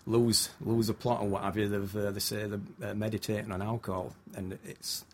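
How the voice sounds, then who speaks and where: A man's voice: lowish voice, level tone, moderate pace, slight background noise. A man, a musician guest on a radio interview, telling rambling anecdotes in a casual way.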